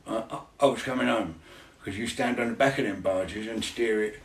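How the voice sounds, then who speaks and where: Gravelly, swearing middle-aged man. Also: on the low side, a little fast. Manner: swears constantly, laughs through his stories. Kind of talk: casual storytelling. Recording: echoey room, mic at a distance.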